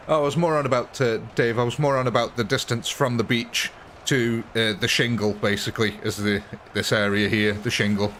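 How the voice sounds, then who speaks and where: A man's voice: medium pitch, fairly even intonation, normal speed, fairly bright tone, a little hiss or hum. A man giving chatty, amused live commentary on a strategy game while thanking viewers and answering chat. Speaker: game streamer.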